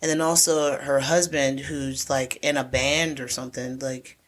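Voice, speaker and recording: A woman's voice: extremely low pitch, level tone, moderate pace. A woman, casually chatting as a podcast co-host and recapping a movie with lots of fillers and playful asides. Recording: podcast voice recording.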